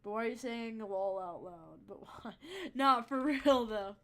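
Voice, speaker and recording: A young woman streams a game and chats in a rambling way, laughing often and swearing freely. She sounds a little high, fairly bright and unhurried.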